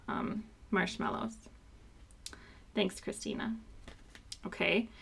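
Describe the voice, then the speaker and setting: Woman, craft teacher, gravelly edge, chatty and upbeat, live class. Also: mid-range voice. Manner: chatty, upbeat, loose with fillers. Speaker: card-making instructor.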